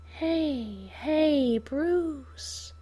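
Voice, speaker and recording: A crooning, cruel male villain with a teasing edge to his soft menace, as a woman reading the story puts him on. He drawls slowly from a lowish register and lifts into sing-song highs, never raising his voice. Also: sing-song, exaggerated voice. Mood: soothing. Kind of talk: audiobook reading of fan fiction.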